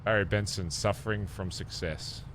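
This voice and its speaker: A man's voice: low-pitched, steady tone, moderate pace, background noise. A man streaming a role-play game, chatting casually in character, laughing often and swearing freely.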